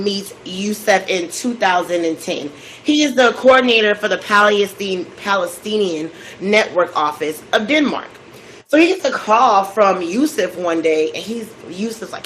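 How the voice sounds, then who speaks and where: A woman's voice: mid-range voice, a little hiss or hum, rough recording. A woman hosting a cooking vlog, chatting as she recaps a story and acts out the quotes. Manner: chatty, with animated quoted voices.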